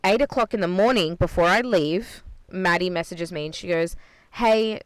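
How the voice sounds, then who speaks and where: A woman's voice: fairly low pitch, normal speed, no echo. A woman podcast co-host telling a story in casual chat, swearing freely and retelling things with energy, recorded inside a parked car.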